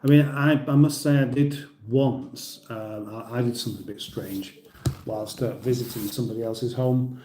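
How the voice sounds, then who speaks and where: A middle-aged man with a British accent chats loosely through a livestream. He reads viewer comments aloud, rambles, and chuckles at his own jokes. His voice is dark and mellow, and it echoes around the room he is in. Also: medium pitch, steady tone, normal speed, slight background noise. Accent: British English. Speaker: livestream host. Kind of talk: casual livestream chat reading comments.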